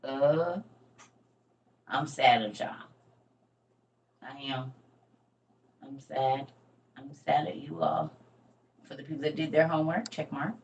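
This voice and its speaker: A woman's voice: deep voice, steady tone, slow pace, creaky, pauses often, darkish tone, muffled recording. A middle-aged woman, rambling and folksy as she hosts a casual livestream lesson. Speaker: livestream host and teacher. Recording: distant mic with faint background noise.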